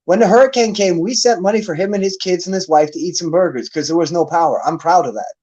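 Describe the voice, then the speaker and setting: A man's voice: high-pitched, fast talker, a little mellow, lo-fi sound. A man hosting a battle rap league stream, ranting angrily and profanely as he calls someone out. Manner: angry, profane, calling someone out. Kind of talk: heated livestream rant.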